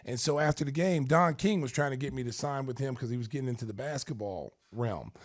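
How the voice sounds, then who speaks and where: A man hosting a podcast, telling stories in casual chat, laughing often and jumping up high when he quotes people. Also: animated, fast talker. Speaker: podcast host.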